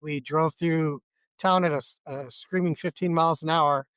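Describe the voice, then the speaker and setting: A man's voice: a little high, fairly even intonation, normal speed, a bit bright, clean tone, dry recording. A man on a podcast telling a long personal story in a rambling, self-deprecating way, with many fillers and restarts. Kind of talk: casual storytelling.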